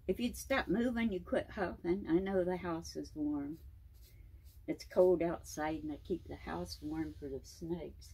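A woman's voice: low voice, measured pace, dark tone, slightly rough, low-quality recording. A woman keeping snakes, talking casually and affectionately to her pet snake, cooing and baby-talking to it. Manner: coos and baby-talks to the snake. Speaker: snake keeper.

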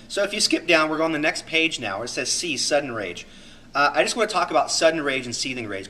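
A man's voice: medium pitch, sharp tone, a little hiss or hum. A man teaching a class on anger as a coach, talking earnestly and conversationally while walking listeners through handout pages. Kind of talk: recorded teleseminar lesson.

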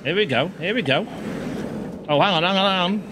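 Lively man streaming a game. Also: sits high, a little fast, noisy background. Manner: chatty, swears and yelps at sudden scares. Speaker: livestreamer. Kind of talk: live gameplay commentary.

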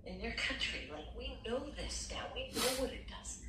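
An older woman counseling someone on a call, calm and affirming as she reassures him. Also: fairly high pitch, normal speed. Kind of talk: supportive counseling talk. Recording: echoey, distant, faint noise.

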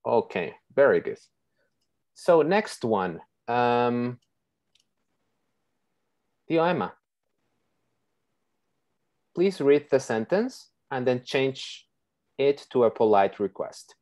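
A woman's voice: rumbling low, sing-song, darkish tone. A woman teaching an online English class on a video call, patient and checking in with her students often. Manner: slow, patient, checks in with okay.

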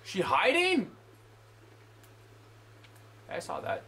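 Young male let's player, high and animated, quick to blow up with curses. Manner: profane, exasperated outbursts. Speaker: gamer. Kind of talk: let's play commentary.

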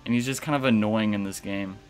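A man's voice: lowish voice, a little fast, soft background music. Chatty young man streaming a game. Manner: animated, rambling, lots of fillers, reads game text aloud. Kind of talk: casual gaming commentary.

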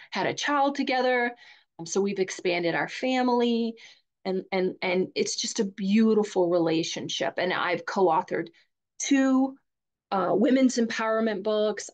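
A middle-aged woman with a Southern accent, talking candidly as a coach in a live webinar, chatty and given to repeating words. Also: mid-range voice. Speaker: divorce coach.

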